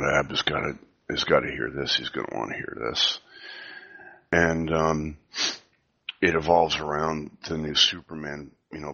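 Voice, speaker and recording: A man in his fifties with a cold, talking softly and rambling with many fillers in a casual podcast chat over a video call. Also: rumbling low, dull audio. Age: 50s. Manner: speaking softly, half whispering. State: has a cold. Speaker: podcast co-host.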